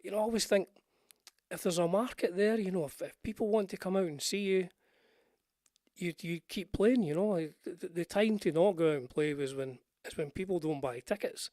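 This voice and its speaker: An older man from Scotland hosts a casual livestream, his high, slightly mellow voice moving a little fast. The sound is clean studio quality with no room sound, and his chat rambles and meanders, full of restarts and asides.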